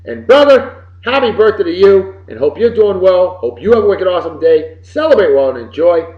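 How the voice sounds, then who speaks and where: A man, hosting casual birthday shout-outs in an exuberant voice that swings from loud bursts to mumbled asides. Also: sits high, very animated, moderate pace. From Massachusetts. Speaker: podcast host. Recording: roomy, muffled lo-fi home recording.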